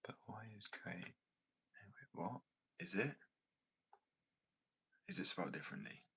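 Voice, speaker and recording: A man's voice: low voice, sing-song, slow pace, gravelly, fairly bright tone, breathy edge, rough recording. An American man rambling and joking in a casual chat with his viewers, swearing freely. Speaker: streamer chatting with viewers.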